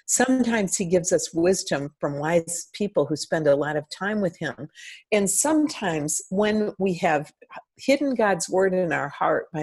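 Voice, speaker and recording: An older woman speaks in a low, deep voice. She tells a hard personal story with earnest, heartfelt emotion, as a guest in a conversation. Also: a little mellow, husky. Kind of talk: interview testimony.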